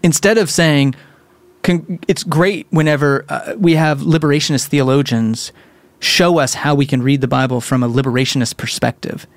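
A man's voice: a little high, fairly even intonation, moderate pace, no echo. A man co-hosting a podcast, earnestly building a theological argument step by step. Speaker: podcast co-host. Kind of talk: conversational theology discussion.

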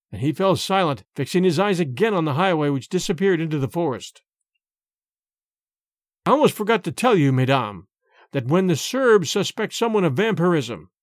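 Male audiobook narrator, measured storytelling, lively pitch, dry close sound. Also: dry recording. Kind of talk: scripted first-person narration.

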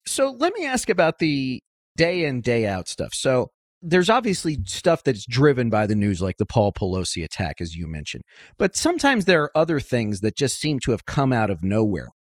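A man's voice: medium pitch, wildly swooping pitch, normal speed, dry recording, studio quality. A man hosting a podcast interview, asking long, winding questions with asides. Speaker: podcast host.

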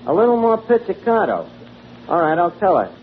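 A man's voice: high-pitched, wildly swooping pitch, a little fast. A man, hesitant and full of "uh"s, talking in folksy broken grammar. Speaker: tavern manager in a radio comedy. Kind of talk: 1940s radio comedy acting. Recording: tinny lo-fi old radio broadcast with hiss.

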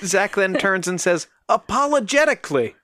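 A man's voice: mid-range voice, lively intonation, normal speed, fairly bright tone, dry recording, studio quality. Wisecracking man on a podcast. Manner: joking, wisecracking. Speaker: podcast co-host. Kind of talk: casual chat.

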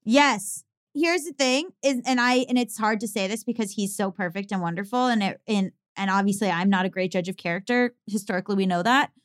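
A woman's voice: medium pitch, fairly quick, clean tone. A young woman co-hosting a podcast, talking in a casual, chatty and self-mocking way, full of fillers. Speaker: podcast co-host. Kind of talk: casual chat.

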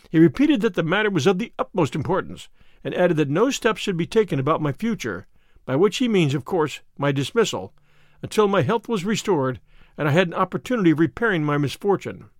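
A man's voice: high voice, no echo, clean studio sound. A man voicing an anxious, ailing young male diplomat who speaks fervently and earnestly.

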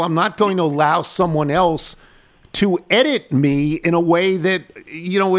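An older man hosting a radio talk show, chatting casually with dry, wry humor. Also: high voice. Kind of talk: casual chat.

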